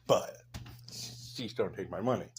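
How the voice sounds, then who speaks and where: A man's voice: fairly low pitch, unhurried, slight background noise. A man in a casual vlog, rambling through blunt opinions with loose asides. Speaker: vlogger.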